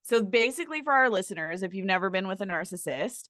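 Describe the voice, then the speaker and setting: A woman's voice: mid-range voice, lively intonation, fast, a bit bright, no echo, studio quality. A woman co-hosting a podcast, blunt and teasing, who stops to explain terms for listeners. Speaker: co-host. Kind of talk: casual podcast chat.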